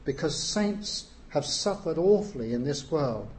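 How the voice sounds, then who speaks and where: A man preaching a sermon, unhurried, with frequent pauses and rising emphasis on key phrases. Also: on the high side, animated, darkish tone, slight background noise.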